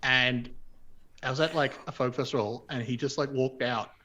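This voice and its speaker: A man's voice: mid-range voice, fairly even intonation, normal speed, bright, forceful tone, highs cut off. A man from Scotland telling rambling, self-deprecating anecdotes in casual chat on a video call. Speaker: player.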